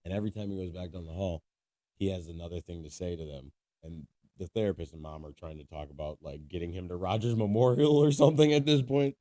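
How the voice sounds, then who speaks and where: A man's voice: quick pace, mellow, no room sound, studio quality. A man co-hosting a podcast, telling a story casually, swearing freely and laughing as he goes. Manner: swearing, laughing storyteller who bursts high when quoting. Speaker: podcast co-host.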